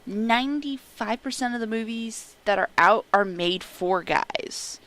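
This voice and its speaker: A woman's voice: on the high side, a little slow, a bit bright. A woman who has just woken up, talking with a groggy sleep voice in a casual podcast chat, giggling often. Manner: giggly, chatty. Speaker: podcast co-host. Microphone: headphones on, home setup.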